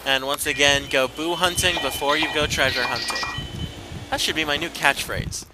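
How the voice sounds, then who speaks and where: A man's voice: fairly high pitch, moderate pace, very noisy. A young man casually commentating his gameplay for viewers, rambling and self-deprecating. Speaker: gameplay streamer. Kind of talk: casual let's-play commentary. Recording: game music loud behind voice. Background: game music.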